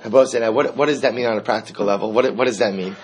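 A man's voice: fairly low pitch, steady tone, rapid-fire, slight background noise, poor audio. A man teaching a Talmud class, explaining step by step and acting out the sages' exchanges.

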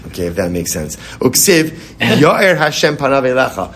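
A man's voice: medium pitch, big pitch swings, normal speed, few pauses, fairly bright tone, a little hiss or hum. A man teaching a Torah class in a conversational way, repeating phrases, asking rhetorical questions and mixing Hebrew terms into English.

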